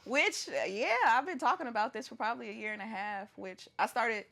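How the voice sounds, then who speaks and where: A woman talking casually on a podcast in a relaxed, soft-spoken way that trails off. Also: fairly high pitch, a little fast, creaky. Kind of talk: casual chat.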